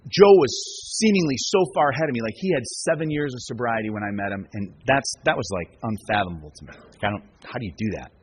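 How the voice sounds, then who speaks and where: A man's voice: medium pitch, a bit bright. A man speaking at a recovery gathering, telling his own story in a conversational way, repeating words and often asking "right?". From United States. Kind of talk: personal story talk. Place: speaking at a conference.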